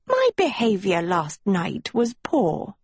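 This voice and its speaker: A woman voicing a young witch girl turned withered hag, speaking in a soft, eerily sweet, pleading way. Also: medium pitch, huge pitch swings, slow pace, slightly rough, no echo, exaggerated voice. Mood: wistful.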